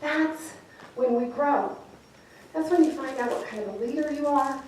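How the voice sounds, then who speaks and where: High-voiced woman, echoey hall speech. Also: normal speed, far from the mic, slight background noise. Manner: animated, laughing often, acts out voices in her stories. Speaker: motivational speaker. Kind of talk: storytelling keynote speech. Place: large event hall with audience.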